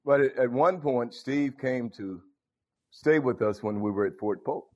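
Older man, pastor, folksy sermon with "huh?" asides, mid-pitched, dull lo-fi sound. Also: a little slow, darkish tone. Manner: call-and-response, frequent "huh?" and "thank you, Lord". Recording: dull lo-fi recording.

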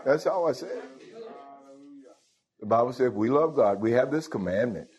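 Here a pastor with a mid-range, slightly mellow voice delivers his sermon at a moderate pace with lively intonation. He calls out to the congregation, frequently asking "Huh?", and chuckles as he goes. The audio sounds dull.

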